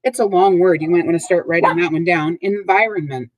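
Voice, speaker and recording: A woman teaching a recorded vocabulary lesson to third graders, speaking slowly and clearly, with call-and-response prompts. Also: fairly low pitch, a little mellow, dry recording, muffled recording.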